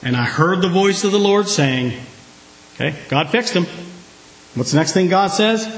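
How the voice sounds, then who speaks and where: A man with a high voice preaches to his congregation, calling for responses and bursting into sudden shouts. The sound is roomy and echoing off the walls of the church sanctuary. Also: lively intonation, moderate pace, long pauses. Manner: preaching with call-and-response, sudden loud outbursts. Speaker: pastor. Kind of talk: sermon.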